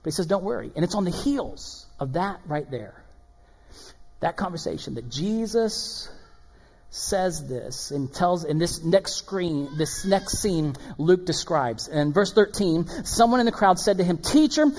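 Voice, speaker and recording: Animated preaching man in a reverberant hall. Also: fairly high pitch, unhurried. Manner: animated, swings between loud and hushed. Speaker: pastor. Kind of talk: sermon.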